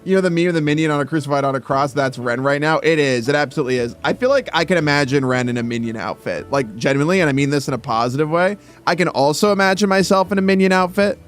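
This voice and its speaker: A man's voice: fairly high pitch, fast talker, few pauses, faint music behind. A man chatting casually on his livestream, stammering through restarts and swearing as he talks. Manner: thinks aloud while adjusting his mic sound. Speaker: streamer.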